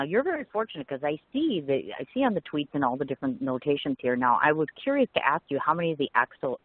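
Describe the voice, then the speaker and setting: Chatty woman interview host calling from a hotel, lively pitch, tinny phone-line sound. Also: dry recording. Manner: chatty, apologetic, animated. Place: hotel room.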